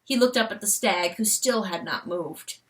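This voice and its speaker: A woman giving an expressive, rhythmic dramatic reading of a storybook. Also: mid-range voice, moderate pace, recorded from a distance. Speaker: audiobook narrator.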